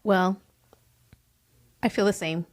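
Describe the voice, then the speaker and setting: A woman's voice: medium pitch, fairly even intonation, slow pace. A woman hosting a business podcast, supportive and affirming, wrapping up with thanks and a sign-off. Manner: affirming, supportive, frequent "yeah" and "mm". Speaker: podcast host.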